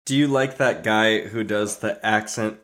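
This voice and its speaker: A man hosting a podcast in casual chat. He is jokey and excitable, and he laughs easily. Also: on the low side, unhurried. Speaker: podcast host.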